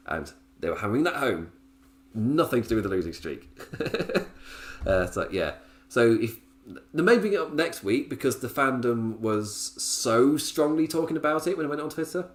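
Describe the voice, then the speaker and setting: Guy doing a solo wrestling podcast, chuckles a lot, voice bounces all over, wanders off topic. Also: medium pitch. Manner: rambling, laughs often between points, goes off on tangents. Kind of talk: casual solo review podcast.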